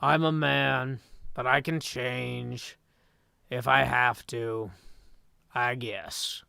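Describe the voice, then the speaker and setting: A man voicing a folksy middle-aged Canadian handyman host with a Canadian accent, speaking in a slow, low, deadpan drawl. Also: creaky, clear, resonant tone, dry recording, studio quality, exaggerated voice.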